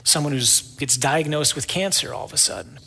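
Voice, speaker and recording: Male preacher, fairly high and bright, husky edge, chatty sermon delivery in a long-reverb hall. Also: moderate pace. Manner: conversational storytelling with rhetorical "huh?" asides.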